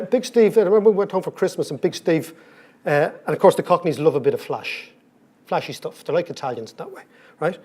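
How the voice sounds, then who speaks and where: Brief: Irish man, 50s, comic keynote storyteller, high voice, irreverent and salty. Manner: lively, irreverent, swears freely, jokey asides. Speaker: conference speaker, economist.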